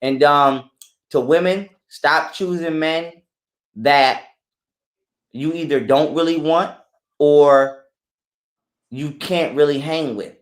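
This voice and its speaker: A man with a high voice lecturing his audience in blunt, profane terms. He sounds like he is talking live in a roomy, echoing space. His delivery is preachy and direct. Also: takes it slowly, long pauses. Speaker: podcast guest. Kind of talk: casual live-stream talk.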